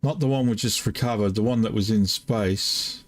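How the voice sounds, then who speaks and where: A man's voice: on the low side, normal speed. An older man from the UK commentating on his live game stream, puzzled, talking to himself in broken half-sentences. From United Kingdom. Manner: baffled, muttering to himself with trailing half-sentences. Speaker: gaming streamer.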